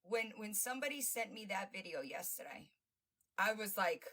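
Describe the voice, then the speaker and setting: A woman's voice: mid-range voice, animated, moderate pace, noisy background. A woman hosting a livestream, reacting to videos in a brash, profane and mocking way, often breaking into laughter. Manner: mocking and sarcastic. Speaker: livestream host. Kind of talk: casual reaction commentary.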